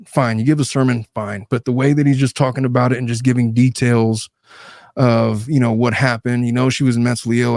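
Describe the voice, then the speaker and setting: A man's voice: medium pitch, little pitch movement, a little fast, darkish tone, dry recording. Guy commentating on a clip, exasperated, rambly, dry close sound. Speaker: legal commentator.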